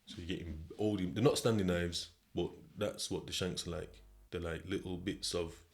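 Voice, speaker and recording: With a low, creaky voice, fairly even intonation and moderate pace, a British man hosts a podcast. He spins a second-person story in a relaxed, slang-laden, conversational way, repeatedly asking "do you know what I mean."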